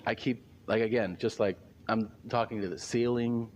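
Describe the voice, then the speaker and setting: A comedian telling a story in casual chat, rambling and animated. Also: male voice, lowish voice, normal speed, a little hiss or hum. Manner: rambling, filler-heavy, animated retelling.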